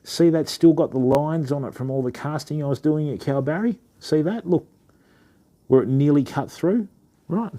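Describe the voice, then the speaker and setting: His voice is a little high and mellow, at normal speed, with an Australian accent. The speaker, a middle-aged fishing channel host from Western Australia, services fishing reels on a live stream while chatting matily with viewers.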